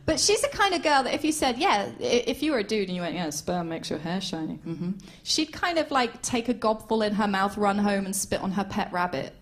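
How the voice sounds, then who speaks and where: A woman doing stand-up comedy, chatty and animated, laughing along as she tells a story and puts on voices. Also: medium pitch, a little fast, slight background noise. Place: comedy stage before an audience.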